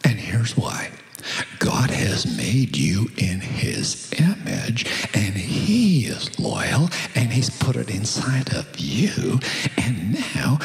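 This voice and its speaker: A male preacher tells his sermon like a lively story, talking conversationally to the room. His low voice is gravelly and swings widely in pitch. Long hall reverb with faint music behind.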